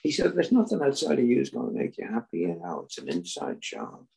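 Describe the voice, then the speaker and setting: An older man with a Northern Irish accent and a gravelly, creaky voice shares his own story at a recovery meeting. His pitch sits in the middle, and he tells it earnestly, pressing hard on some words and sinking almost to a whisper on others. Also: huge pitch swings, brisk, a little hiss or hum, rough recording. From Northern Ireland. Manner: earnest storytelling that swings between loud emphasis and near-whispers. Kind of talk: personal testimony.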